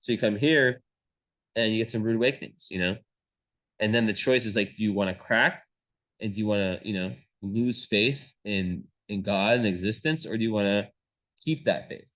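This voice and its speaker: A man's voice: lowish voice, normal speed, fairly bright tone, poor audio. A man giving a casual astrology reading, rambling with many fillers and restarts.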